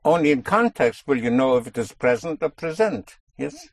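A man's voice: medium pitch, sing-song, brisk, breathy edge, dry recording. A man teaching a language lesson, patiently explaining and drilling words, checking in with "yes?" as he goes.

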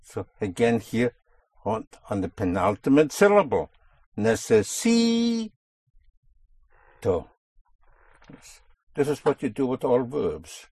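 A man's voice: medium pitch, lively intonation, slow pace, a little mellow, husky, no echo, clean studio sound. A man teaching a language lesson, patiently explaining and drilling words, checking in with "yes?" as he goes.

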